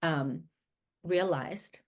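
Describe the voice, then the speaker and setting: A woman's voice: low-pitched, drawn-out words. A woman guest, a life coach, speaking earnestly in a conversational interview, often restarting her sentences. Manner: earnest, with frequent restarts and filler words.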